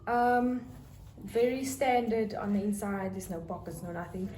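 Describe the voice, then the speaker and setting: A woman's voice: medium pitch, unhurried. A young South African woman with a South African accent, gushing over her haul in a casual fashion vlog. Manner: gushing, bursts into excited squeals. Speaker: fashion vlogger. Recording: echoey room with faint noise.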